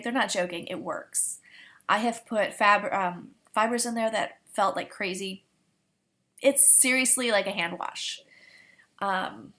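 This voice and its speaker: A woman's voice: medium pitch, sharp tone. A woman hosting a knitting podcast from home, chatting to the camera in a bubbly way with lots of fillers. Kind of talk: casual chat to camera.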